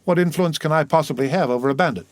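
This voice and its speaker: A man reading an audiobook, voicing a mysterious, wealthy nobleman who speaks in a measured, commanding way. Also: a little high, dry recording, lightly acted. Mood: calm. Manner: measured, composed, authoritative.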